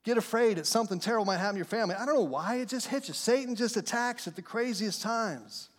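This pastor speaks quickly in a high voice, preaching a sermon in a church sanctuary. He is fervent yet conversational, regularly directing questions at the congregation, and the sound carries the long reverb of a big hall.

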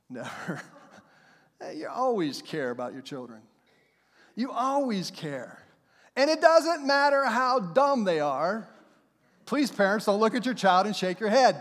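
Middle-aged man, pastor, high tenor voice, chatty preaching, playful asides, echoing church hall. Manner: conversational preaching, dips into acted voices and laughs. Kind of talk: sermon. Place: church sanctuary. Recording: long hall reverb.

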